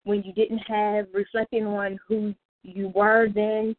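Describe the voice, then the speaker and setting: A woman's voice: medium pitch, level tone, unhurried, dry recording. Woman leading a prayer call by phone. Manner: chatty, laughs often, self-interrupting. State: out of breath. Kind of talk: casual Bible study talk. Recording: tinny phone line.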